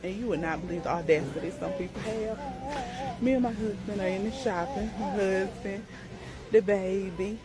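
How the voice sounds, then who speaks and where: A woman's voice: mid-range voice, moderate pace, loud music behind the voice, rough recording. Sassy, chatty woman telling a story. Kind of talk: storytime vlog. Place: grocery store.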